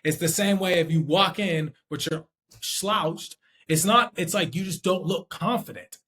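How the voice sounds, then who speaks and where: A man with a voice pitched a little higher than most men, talking through sales skills in loose, unscripted instruction. He thinks aloud, restarts his sentences, and keeps checking in with the listener. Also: measured pace, a bit bright. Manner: conversational, checks in with "okay?" and "right?". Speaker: sales trainer.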